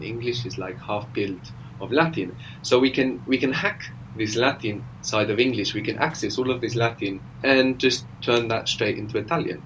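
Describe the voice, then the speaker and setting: A man with a fairly low voice leads an audio lesson, calm and patient as he explains each point step by step. He often ends a point with a questioning "no?", and a faint background noise stays under his voice throughout. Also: rough recording. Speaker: language teacher.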